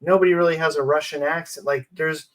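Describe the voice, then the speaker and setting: A man co-hosting a podcast, talking loosely about a film with many fillers and quick asides. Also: a little high, steady tone. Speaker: podcast co-host. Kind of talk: casual film discussion.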